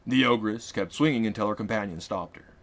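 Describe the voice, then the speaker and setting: A man narrating his own fantasy audiobook in an expressive, dramatic reading. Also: lowish voice, fairly quick, gravelly. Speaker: author and narrator.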